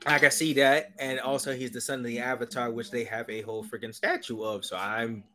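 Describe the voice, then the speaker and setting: A man co-hosting a casual show recap, profane and animated, laughing often. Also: medium pitch, a little fast. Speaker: podcast co-host.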